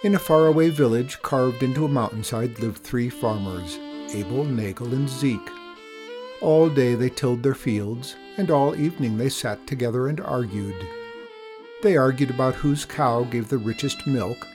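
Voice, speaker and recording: A man narrating a children's storybook in a measured, expressive reading. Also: mid-range voice, music in the background.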